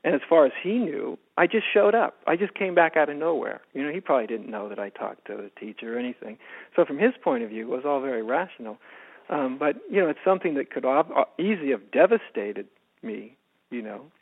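A man from the United States, a spiritual teacher, telling a personal story in an interview, soft-spoken and halting with many restarts. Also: medium pitch, animated, husky. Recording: phone-like narrow band.

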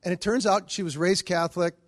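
High-voiced preacher telling stories. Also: male voice, fairly quick. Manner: animated, acts out quoted voices. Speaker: Catholic charismatic preacher. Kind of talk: storytelling sermon.

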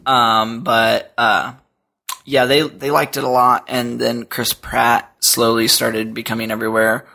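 Thirtyish guy rambling on a podcast, bright gravelly voice, lots of ums. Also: mid-range voice, level tone, a little slow. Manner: rambling, fillers, chuckles at his own stories. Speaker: podcast guest. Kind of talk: casual chat.

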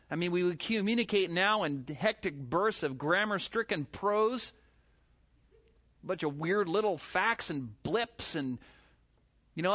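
Slightly high-voiced, this middle-aged man delivers a lively sermon as pastor, using rhetorical questions and imitating voices.

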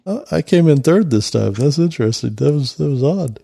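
A man co-hosting a podcast, easygoing and good-humored as he reads the show plugs and chats. His tone is warm and mellow, never sharp. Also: a little high, lively intonation, fairly quick, vocal fry, slightly rough. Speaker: podcast co-host. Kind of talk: casual podcast chat.

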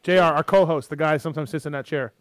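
A man's voice: on the high side, very fast, no echo. A man hosting a radio show, joking bluntly in casual chat. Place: radio studio.

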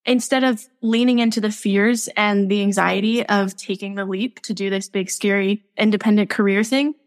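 A young woman talks as a guest on a podcast in a casual, open way. Her sentences are full of "like" and small laughs as she explains herself. Her voice sits at an ordinary pitch for a woman. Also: fairly even intonation, normal speed. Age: young adult. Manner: candid, laughs often, filler-heavy.

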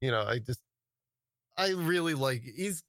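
Bright-voiced man chatting on a call. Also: mid-range voice, lively intonation, measured pace, no echo. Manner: hesitant, full of fillers and restarts. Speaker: podcast guest. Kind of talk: casual chat. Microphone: video call.

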